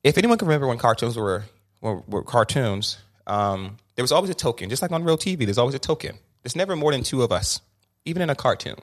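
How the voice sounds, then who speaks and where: A man chatting as a guest on a podcast, animated and opinionated, often restarting his sentences. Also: medium pitch, fast talker. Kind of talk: casual podcast conversation.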